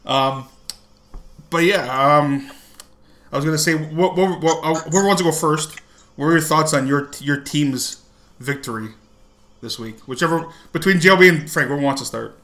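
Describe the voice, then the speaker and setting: Easygoing male podcast host, bright voice. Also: a little high, normal speed. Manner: laid-back, agreeable, chuckles often. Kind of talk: casual chat.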